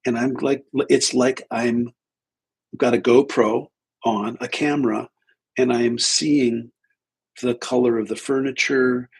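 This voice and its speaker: A man's voice: medium pitch, steady tone, a little slow, slightly rough, low-quality recording. A man hosting a livestream as a spiritual teacher, telling a story casually, often breaking off mid-sentence. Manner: rambling, self-interrupting, acts out dialogue.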